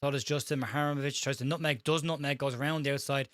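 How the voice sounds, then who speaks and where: An Irish man hosting a live watch-along, calling the match fast and tripping over players' names while reading out viewer comments. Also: medium pitch, steady tone, a bit bright, no room sound, clean studio sound. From Ireland. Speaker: host.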